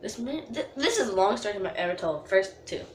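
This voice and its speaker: A woman telling a storytime vlog story in an animated, dramatic way, full of "like" fillers. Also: mid-range voice, quick pace, a little hiss or hum. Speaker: vlogger. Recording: echoey room.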